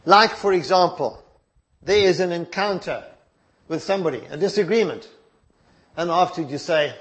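A male preacher, delivering a sermon in a measured, emphatic way that drops to soft asides. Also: high voice.

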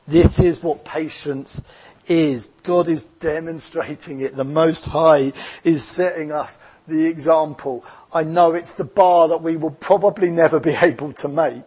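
A man's voice: on the high side, fairly even intonation, a little slow, a little mellow, breathy edge. A man with an Essex English accent preaching a sermon as a pastor, earnest and reflective, mixing scripture with personal stories.

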